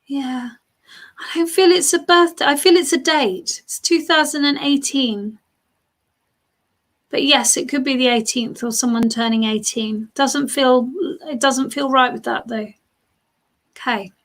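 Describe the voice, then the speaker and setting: A British woman leads a live-streamed spiritual reading and addresses viewers directly. Her voice sits high and sounds bright and clear. She talks in a chatty, informal way. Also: fairly even intonation, unhurried. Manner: chatty, reads out viewer comments and talks straight to them. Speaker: spiritualist medium.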